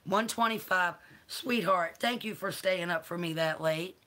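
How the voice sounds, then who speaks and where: A woman's voice: lowish voice, a little slow, pushed and bright. A Southern woman chatting casually on her livestream, greeting viewers by name and cooing to her dogs; she says she is a little tired. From American South. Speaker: livestream host.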